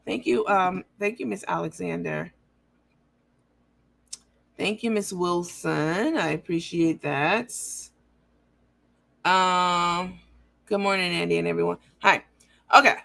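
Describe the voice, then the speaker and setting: A woman's voice: lowish voice, slow pace, creaky, long pauses, a bit bright. A woman hosting a livestream, reading viewer comments aloud and talking bluntly and profanely in a mocking, emphatic way.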